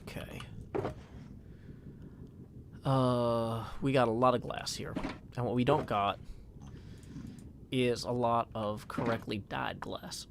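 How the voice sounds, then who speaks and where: A man's voice: medium pitch, fairly even intonation, slow pace, gravelly, pauses often, noisy background. Chatty man streaming live. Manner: chatty, scattered, reads chat aloud with mock indignation. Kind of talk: casual live-stream chat while playing a game.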